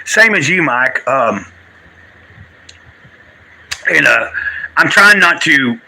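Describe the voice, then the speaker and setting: Teary guy on a livestream, bright sharp voice, rambling and preachy, talking to chat. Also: fairly high pitch, animated, slow, vocal fry, low-quality recording. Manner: rambling, earnest, preachy in spells, addresses chat. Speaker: live streamer. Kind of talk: casual livestream chat with spiritual musings.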